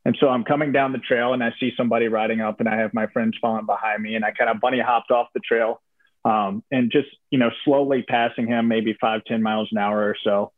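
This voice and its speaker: A young man from Virginia telling a personal story in a casual interview, relaxed, with many fillers and restarts. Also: mid-range voice, fast talker, no room sound. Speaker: interview guest. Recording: tinny phone-like audio, dry.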